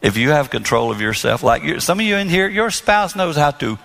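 A man giving an earnest, animated sermon-style talk about marriage to an audience. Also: on the high side, brisk, vocal fry. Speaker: marriage speaker.

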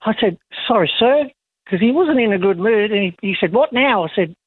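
A man calling in to a radio show, telling an animated story and acting out the voices of the people in it. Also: sits high, brisk, dry recording. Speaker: caller. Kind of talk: phone-in storytelling. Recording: tinny phone line.

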